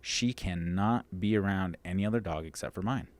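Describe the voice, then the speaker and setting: A man's voice: sits low, moderate pace, darkish tone. A man talking as a dog trainer and podcast guest in casual chat, blunt and emphatic, swearing freely.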